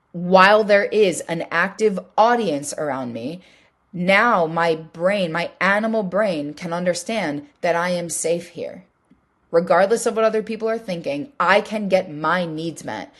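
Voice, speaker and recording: A woman hosts a solo podcast in a somewhat low voice. She talks earnestly and casually, swears freely, and often repeats a phrase to press her point home. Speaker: podcast host.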